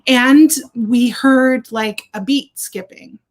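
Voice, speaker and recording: A woman's voice: a little high, slow. A middle-aged woman doula telling a birth story in casual chat, acting out the voices of the people in it. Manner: animated storyteller, acts out quoted voices.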